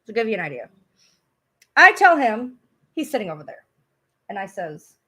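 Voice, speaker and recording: A woman chatting casually on a livestream, animated, swearing freely and often breaking into laughter as she talks back to viewers. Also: medium pitch, normal speed, pauses often, slightly rough. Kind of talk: casual live commentary.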